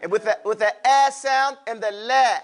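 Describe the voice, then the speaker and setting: A man's voice: extremely high pitch, moderate pace. A man teaching a classroom lesson, drawing out sounds for students to repeat and adding playful asides. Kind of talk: classroom lesson with call-and-response drills.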